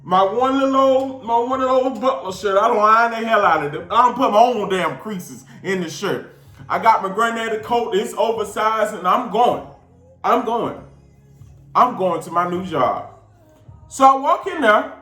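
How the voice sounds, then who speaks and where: High-voiced Southern man telling a story. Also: normal speed, reverberant, faint music behind. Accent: Southern US, Georgia. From Georgia, US. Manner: lively, slangy, big swings of voice when quoting people. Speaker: show host. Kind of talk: casual personal storytelling to camera.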